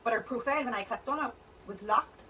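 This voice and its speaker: A woman's voice: a little high, quick pace, bright, forceful tone, recorded from a distance, slight background noise, poor audio. A woman, chatting as a podcast guest, rambling through stories one after another. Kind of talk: casual chat.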